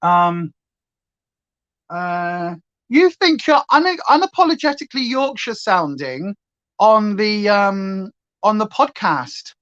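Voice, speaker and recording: A livestream beauty host from Hampshire, England, chats casually on her makeup stream in a clipped, near-standard southern English accent, wandering off on tangents with lots of fillers. Her mid-range voice is animated and fairly bright, she speaks slowly, and the highs are cut off.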